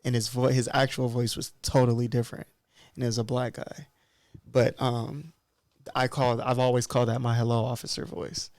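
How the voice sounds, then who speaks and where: A man's voice: medium pitch, level tone, moderate pace, darkish tone, dry recording, studio quality. A man in his thirties, a barber guest on a podcast, talking in a candid, loose and reflective way. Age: 30s. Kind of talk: casual podcast conversation.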